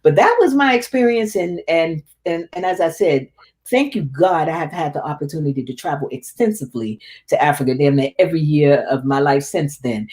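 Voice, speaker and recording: Being interviewed, a woman relives a painful experience, her emotion showing as she repeats words again and again. She talks a little fast in a low-pitched, animated voice with a slightly mellow tone.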